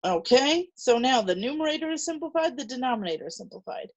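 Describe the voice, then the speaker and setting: A woman's voice: high-pitched, animated, fast talker, no echo, poor audio. A woman teaching a recorded math lesson, chatty and reassuring, thinking aloud as she works through problems.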